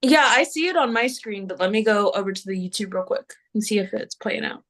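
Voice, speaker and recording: A woman's voice: mid-range voice, animated, brisk, a bit bright. A woman with a Kentucky accent co-hosting a live astrology stream in a casual, bubbly, chatty way. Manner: bubbly, uses y'all.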